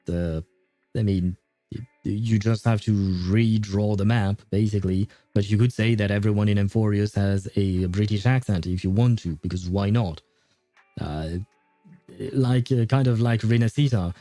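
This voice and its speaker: A man's voice: lowish voice, normal speed, warm tone, no echo, faint music behind. A man streaming a game, chatting casually with his viewers, rambling and enthusiastic with many fillers. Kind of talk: casual livestream chat answering viewers.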